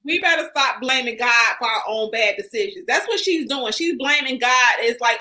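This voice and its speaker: A woman giving sassy, preachy opinions in a casual recap chat. Her voice is high and bright. She talks in an animated way. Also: normal speed, hardly any pauses. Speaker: co-host.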